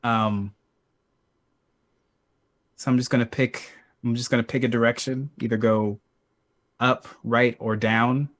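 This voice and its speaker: A man's voice: mid-range voice, little pitch movement, measured pace, long pauses. A man playing in a tabletop game over a call, thinking aloud with many fillers. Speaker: player. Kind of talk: casual tabletop play.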